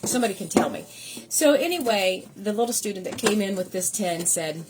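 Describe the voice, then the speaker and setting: A woman's voice: mid-range voice, lively intonation, fairly quick, background noise. A middle-aged woman, a third-grade teacher, chatting casually at home in a rambling, gushing vlog. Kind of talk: casual vlog chat showing gifts.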